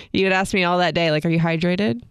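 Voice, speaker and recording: A young woman tells a personal story on her podcast with frank warmth of detail and frequent "like"s. Her voice has a light gravel to it but stays smooth and clear. The sound is close and dry, with no room behind her. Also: on the low side, fairly even intonation, quick pace, no echo. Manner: candid, many filler likes, laughs while telling. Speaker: podcast co-host.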